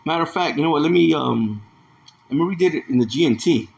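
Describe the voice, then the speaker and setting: A man teaching from the Bible in a loose, conversational way, with a voice sitting a touch higher than most. He reads verses slowly and keeps breaking in with "man," "okay" and "see." He often repeats himself as he works through a point. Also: expressive, gravelly. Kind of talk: informal scripture teaching.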